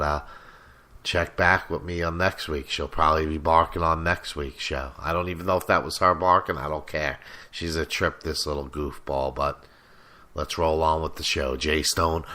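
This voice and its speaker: A man's voice: very deep voice, pushed and bright. A man hosting his own radio show, talking in a rambling, filler-heavy, profane way. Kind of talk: casual radio chat.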